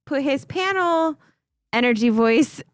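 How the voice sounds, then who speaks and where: A woman's voice: high-pitched, animated, slow, no room sound, clean studio sound. A woman co-hosting a podcast in casual chat, teasing and bantering flirtatiously. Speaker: podcast co-host.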